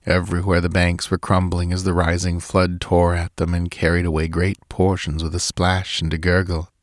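A man narrating a story in a measured, deliberate reading. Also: deep voice, monotone, no room sound, studio quality. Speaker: audiobook narrator.

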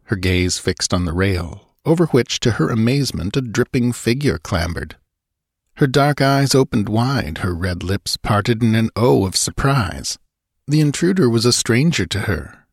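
A man narrating an adventure story as an audiobook, measured and dramatic. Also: low voice, dry recording, clean studio sound.

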